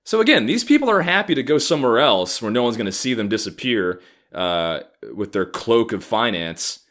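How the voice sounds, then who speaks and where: A man's voice: on the low side, animated, normal speed, fairly bright tone. Angry, profane ranting man. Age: 30s. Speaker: comedian podcast host. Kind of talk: ranting comedic monologue.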